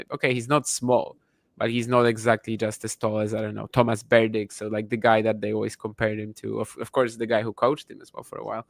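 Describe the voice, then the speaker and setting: A man's voice: fairly low pitch, gravelly, fairly bright tone, no room sound. A man co-hosting a podcast, chatting casually and thinking aloud with frequent restarts. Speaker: podcast co-host. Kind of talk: casual chat.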